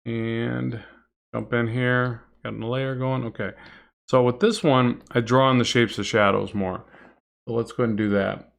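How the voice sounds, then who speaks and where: A middle-aged man chats through a comic drawing livestream, in a voice of middling pitch. He rambles a little, restarts his sentences and answers viewers as he works. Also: fairly even intonation, moderate pace, gravelly. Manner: rambling and chatty, many fillers and restarts, reads chat aloud. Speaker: comic art instructor and livestream host. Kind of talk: casual livestream drawing lesson, chatting with viewers.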